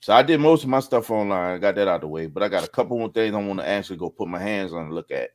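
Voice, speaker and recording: A middle-aged man with a fairly low voice, talking easily with friends in a slow, drawn-out way. He laughs often and lets his stories run long. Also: expressive, a little mellow. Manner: laid-back, laughs often, drawn-out storytelling. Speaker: podcast co-host. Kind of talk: casual chat among friends.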